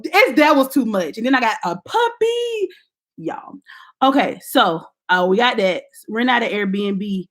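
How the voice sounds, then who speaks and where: A young woman with a Southern American accent livestreams from her computer at home, reading comments and speaking straight to her viewers. Her mid-range voice moves at a moderate pace, animated and playful, with Southern-tinged slang.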